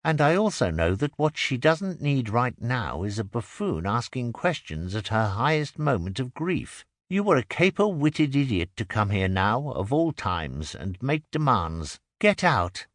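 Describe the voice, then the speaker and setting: A man's voice: medium pitch, big pitch swings, unhurried, hardly any pauses, no echo, studio quality, pitched above the performer's own voice. A male narrator voicing a haughty young noblewoman who speaks in a cutting, scornful way. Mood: angry.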